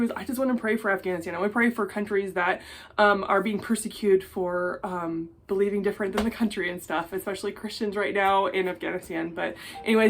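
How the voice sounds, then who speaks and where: Woman vlogger, gushing, excitable, a bit worn out. Casual, heartfelt delivery. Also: mid-range voice. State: fatigued after illness. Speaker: jewelry-making vlogger. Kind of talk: casual tutorial chat.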